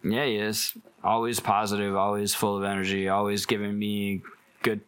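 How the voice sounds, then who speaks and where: A man hosting a casual podcast, talking in a relaxed way and swearing easily. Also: on the low side, moderate pace, smooth. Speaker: podcast host.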